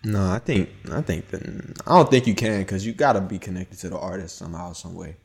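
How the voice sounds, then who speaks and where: A man co-hosting a podcast in casual chat, thoughtful and relaxed, often hedging his views. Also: low voice, fairly quick, creaky, husky. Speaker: podcast co-host.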